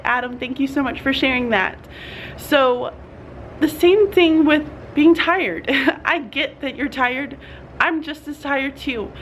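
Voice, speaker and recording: Tired, earnest woman teacher, casual vlog talk, slightly high voice, faint room hiss. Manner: chatty and earnest, says y'all, laughs often. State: tired, yawning. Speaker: teacher vlogger. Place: classroom.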